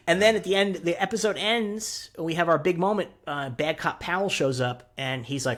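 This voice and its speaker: A man co-hosting a casual TV recap podcast, talking in an animated way, swearing freely and leaning on fillers. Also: fairly high pitch, moderate pace, few pauses. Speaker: podcast co-host.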